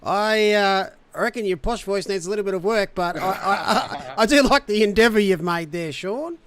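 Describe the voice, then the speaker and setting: A man's voice: sits high, moderate pace, a bit bright. A man hosting a sim racing livestream, upbeat and jokey, full of casual slang. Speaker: race broadcast host. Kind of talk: livestream race show hosting.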